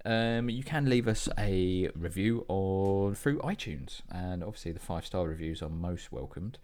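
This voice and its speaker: A British man co-hosting a podcast, telling a story in an animated way and swearing when he gets worked up. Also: sits low, measured pace. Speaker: podcast co-host. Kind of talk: casual chat.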